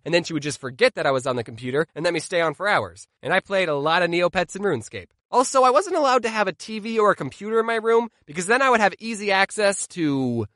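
A young man tells comedic storytime tales with sarcastic, deadpan asides. His intonation swings widely. The sound is close and dry, with no room echo. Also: high-pitched. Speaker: vlogger.

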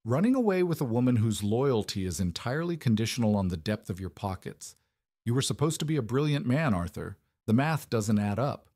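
A man voicing a composed woman of the house who speaks calmly, precisely and with cold politeness. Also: mid-range voice, a little fast, dry recording, studio quality. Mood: cutting. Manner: calm, precise, coldly polite.

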